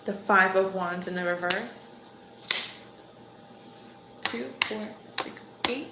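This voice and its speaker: A woman gives a livestream tarot reading at an unhurried, drawn-out pace. She talks conversationally and chuckles between cards. Her voice rings in an echoey room, with steady noise in the background. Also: mid-range voice. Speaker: tarot reader.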